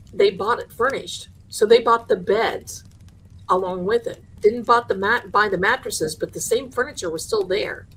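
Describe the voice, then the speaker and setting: A woman hosting a live show, telling a haunted house story with lively energy and acting out the people in it. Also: mid-range voice, a little hiss or hum. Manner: animated, acts out the people in her story. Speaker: host.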